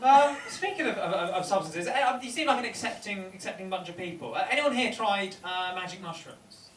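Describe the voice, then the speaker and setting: Brief: male stand-up, wry and rambling, high voice, echoey room far off. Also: animated, brisk. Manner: wry, rambling, self-interrupting. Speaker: stand-up comedian. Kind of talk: stand-up set. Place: comedy venue, live audience. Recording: roomy, distant, noisy live room.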